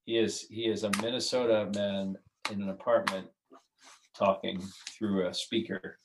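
A man's voice: lowish voice, flat delivery, normal speed, noisy background. A man who is the guest writer and creator, chatting casually in a podcast interview, often restarting his sentences and laughing.

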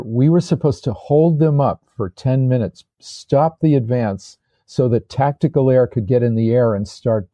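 Speaking in a warm, mid-range voice on a dry recording, a former tank commander, now an older man, shares stories as a guest in a casual interview. He wanders, restarts sentences, and leans on filler words.

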